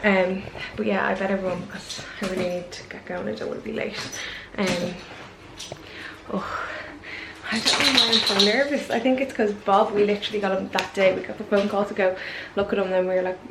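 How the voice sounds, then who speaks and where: Talking briskly to camera, this young Irish vlogger chats in a loose, rambling way full of "like" and "literally". Her medium-pitched voice has fairly even intonation and some vocal fry. The sound is reverberant, far from the mic and set against noisy ambience.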